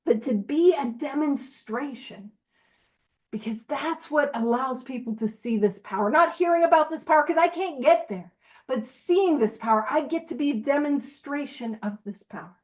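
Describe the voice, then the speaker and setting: Animated, high-voiced woman leading a study. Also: moderate pace. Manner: animated, playful, self-deprecating asides. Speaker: Big Book study leader. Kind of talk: informal recovery-group teaching. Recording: slightly muffled audio.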